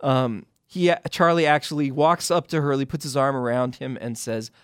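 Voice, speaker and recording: A man's voice: on the high side, normal speed, no echo, clean studio sound. A man who is a film critic, a guest on a radio talk show, explaining scenes in a loose, rambling way with frequent restarts.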